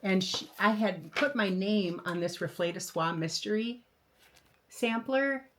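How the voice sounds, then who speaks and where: A woman's voice: medium pitch, measured pace, noisy background. Older woman, craft video host, casual show-and-tell, rambling, enthusiastic. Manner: chatty, enthusiastic, rambling with fillers. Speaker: flosstube host.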